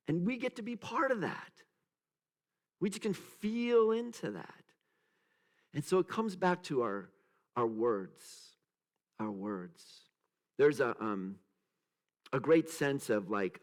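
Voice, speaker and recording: A male pastor giving a sermon, searching for words and acting out quotes in a raised voice, leading the congregation in repeating phrases. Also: a little high. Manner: animated, acts out quotes in a raised voice; searching, with many restarts and trailing asides.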